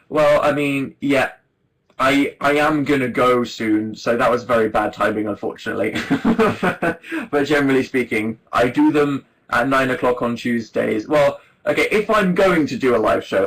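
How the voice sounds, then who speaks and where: A man's voice: medium pitch, lively intonation, moderate pace, a bit bright, rough recording. A man in his twenties hosting a casual livestream, rambling and self-deprecating, laughing often into a webcam mic. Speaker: livestream host. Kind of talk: casual chat to viewers.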